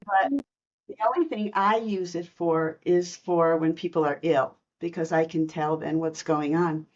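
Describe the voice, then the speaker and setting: Podcast guest: female, slightly low voice, animated storyteller who laughs often; dull, lo-fi sound. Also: a little slow. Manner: lively storyteller, laughs between lines. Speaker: guest, intuitive reader. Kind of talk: personal storytelling in a podcast interview.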